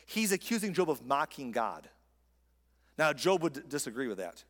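A pastor preaching a sermon in a conversational, emphatic way, using rhetorical questions. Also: male voice, a little high, big pitch swings, normal speed. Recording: long hall reverb.

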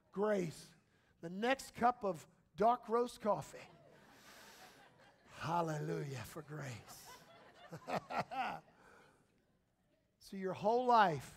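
A man preaching a sermon as pastor, moving from quiet, slow passages to shouted calls to the congregation. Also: sits high, expressive.

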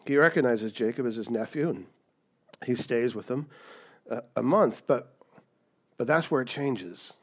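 A man's voice: medium pitch, measured pace, pauses often. Male pastor, chatty storytelling sermon, mid-range voice. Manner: conversational, animated storytelling, frequent "right?".

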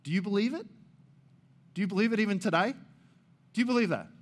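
A man's voice: sits high, fast. A man preaching a sermon as pastor, earnestly asking his congregation questions and repeating words as he thinks aloud.

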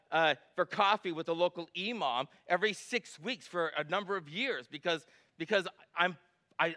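A man's voice: high voice, bright, forceful tone. A middle-aged man preaching a sermon with passion, making his points through emphatic rhetorical questions. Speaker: pastor.

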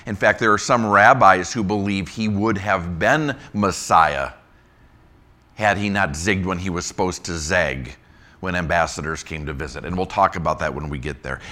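A male pastor works through scripture in a loose, conversational teaching style. His voice is bright and clear, and he keeps the room with him by asking rhetorical questions. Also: sits low, moderate pace. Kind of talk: Bible teaching sermon.

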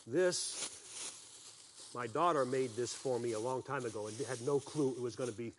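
A man's voice: mid-range voice, normal speed, slight background noise. A man from Massachusetts giving a guest sermon as a pastor, telling folksy, joking stories and asking the congregation questions.

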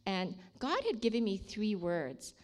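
A woman's voice: medium pitch, big pitch swings, measured pace. A woman sharing a personal faith testimony with emotion, sometimes dropping to a near-whisper at dramatic moments. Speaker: ministry leader sharing a testimony.

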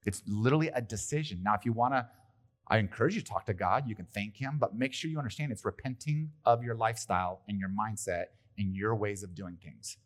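A male pastor preaching a sermon in a church, talking in a lively, conversational way with playful asides. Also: lowish voice, brisk. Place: church hall.

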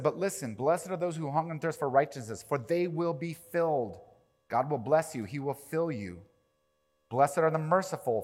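A man preaching a sermon as pastor, animated, swinging from quiet to loud and acting out quoted prayers. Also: mid-range voice. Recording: long reverb of a large hall.

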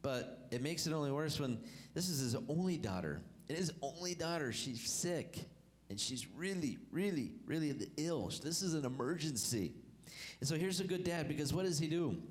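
A male pastor preaching a sermon, reading scripture aloud and retelling it with lively call-outs to the congregation. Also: fairly high pitch, normal speed.

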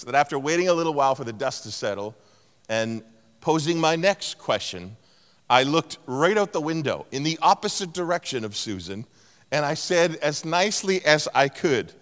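A middle-aged man preaching a sermon in a large church, telling stories and playfully mimicking voices. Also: moderate pace. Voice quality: animated storytelling with playful mimicry of a higher-pitched tone. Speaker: pastor. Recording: long hall reverb.

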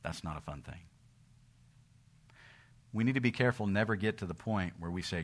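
A man preaching an evening sermon, swinging between loud emphatic lines and hushed quoted voices. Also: sits low, expressive, moderate pace. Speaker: pastor.

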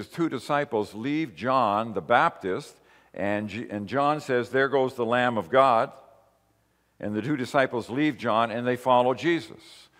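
A man's voice: medium pitch, in a large hall. A man giving a conversational sermon, walking through a Bible passage and putting questions to his listeners. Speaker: preacher.

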